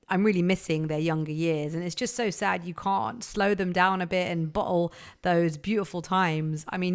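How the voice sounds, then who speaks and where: Brief: mum co-host, thirties, slightly low voice, reflective and matter-of-fact. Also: female voice. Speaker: podcast co-host. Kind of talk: casual chat.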